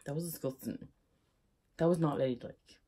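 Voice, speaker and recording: A young woman with an Irish accent talks through her vlog in a low, husky voice, easily set off into giggles. Her tone is dark and mellow, and she chats in a loose, rambling way. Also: moderate pace. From Ireland. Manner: giggly and chatty, prone to laughing fits. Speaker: YouTuber. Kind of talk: casual vlog chat.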